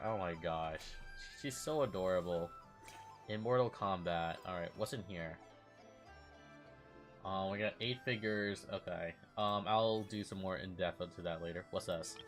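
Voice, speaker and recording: A man's voice: on the low side, a bit bright. A man casually commenting while playing through a game event, reading dialogue aloud and gushing, with lots of ums. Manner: chatty, reads game dialogue aloud, gushes, many ums. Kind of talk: casual let's-play commentary.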